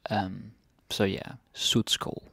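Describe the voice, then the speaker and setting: A man teaching a casual Danish vocabulary lesson. He repeats each word slowly and drops to murmured asides. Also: fairly low pitch, little pitch movement, vocal fry, fairly bright tone, husky, dry recording.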